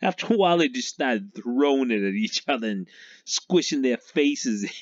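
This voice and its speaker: A man's voice: medium pitch, animated, normal speed, no room sound. A man from Massachusetts rambling through a casual monologue about football, laughing often and trailing off as he talks. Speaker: sports fan vlogger. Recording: dull lo-fi recording.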